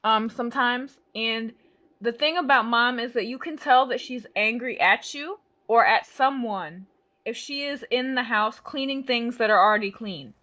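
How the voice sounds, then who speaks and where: Woman vlogger, casual family chat; fairly high, bright voice, giggles easily. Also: moderate pace. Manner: giggly, animated storyteller.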